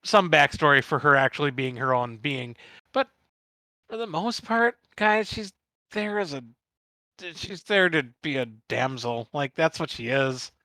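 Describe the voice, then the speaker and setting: A man with a Midwestern accent, co-hosting a casual podcast chat, halting and swearing casually. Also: on the high side, expressive, pushed and bright, no room sound. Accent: Midwestern American. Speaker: guest host.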